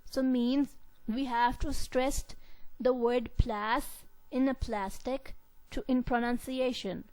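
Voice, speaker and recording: A woman lecturing on pronunciation, explaining slowly and repetitively and correcting herself as she goes. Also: high-pitched, steady tone, darkish tone, low-quality recording. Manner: slow, repetitive explaining with frequent self-corrections. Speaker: English lecturer. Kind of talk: recorded university lecture.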